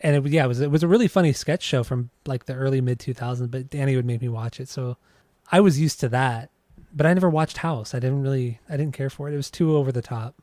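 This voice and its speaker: A man's voice: medium pitch, quick pace, a little mellow, no echo. A man co-hosting a podcast who reviews music in rambling, enthusiastic casual chat. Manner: rambling, enthusiastic, apologetic restarts. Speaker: podcast co-host.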